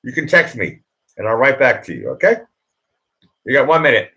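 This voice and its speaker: A man's voice: medium pitch, sing-song, fairly quick, pushed and bright, low-quality recording. A man hosting a live chat show, talking bluntly and insistently and often repeating himself. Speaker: livestream host.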